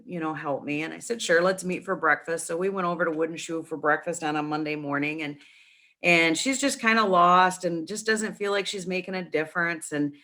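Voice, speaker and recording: A middle-aged woman with a low voice, a nonprofit founder appearing as an interview guest, chats and tells a long story, restarting it with animated energy.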